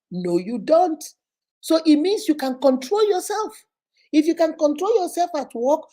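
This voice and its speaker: A woman's voice: high-pitched, warm tone. A Nigerian woman hosting a show, giving marriage advice in a sarcastic, preachy way and acting out quotes. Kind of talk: animated advice talk to camera.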